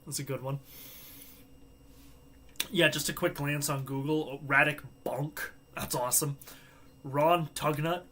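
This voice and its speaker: A man's voice: fairly high pitch, fairly even intonation, measured pace, pauses often, pushed and bright. A young man hosting a live watchalong stream, chatting casually, joking and laughing at his own asides.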